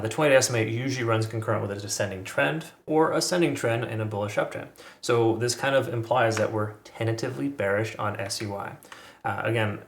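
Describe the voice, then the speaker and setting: A man's voice: on the low side, creaky, reverberant. A man giving casual, rambling commentary as he walks through crypto price charts, with frequent restarts and asides. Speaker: crypto market analyst.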